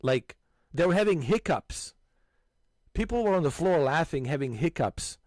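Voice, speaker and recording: A man hosting a gaming channel, loudly swapping stories with friends and breaking into frequent laughter and exclamations. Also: on the high side, expressive, moderate pace, no echo, studio quality. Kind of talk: casual chat with friends.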